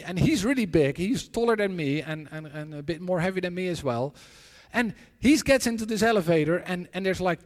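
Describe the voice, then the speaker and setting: High-pitched guy preaching, halting, keeps restarting, big echoey hall. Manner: earnest, halting storytelling with frequent restarts and repeated words. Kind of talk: sermon with personal stories and prayer. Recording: long reverb of a large hall.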